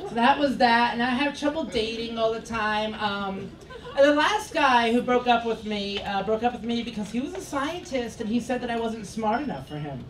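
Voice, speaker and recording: A man's voice: extremely high pitch, lively intonation, normal speed, fairly bright tone. A man in his thirties performing a stand-up comedy set on a club stage with a campy, sassy, flamboyant delivery. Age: 30s. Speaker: stand-up comic. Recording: roomy, distant club recording with crowd noise. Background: audience laughter and club chatter.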